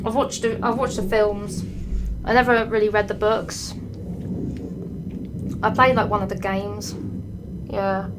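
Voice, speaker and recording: A woman's voice: mid-range voice, level tone, unhurried, pauses often, heavy background noise. A woman doing a comic read-through of a fan fiction, breaking off into sarcastic, swear-filled asides. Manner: sarcastic, swears freely, laughs often.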